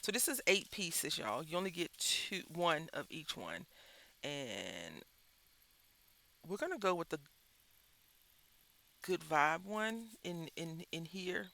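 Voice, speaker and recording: A craft vlogger, a man, talks casually as he works, drifting into rambling personal stories. His voice is fairly high, with a gravelly edge and a bright, sharp tone. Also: animated, takes it slowly, long pauses. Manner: rambling, candid storytelling, talks to viewers as y'all. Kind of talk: casual chat while crafting.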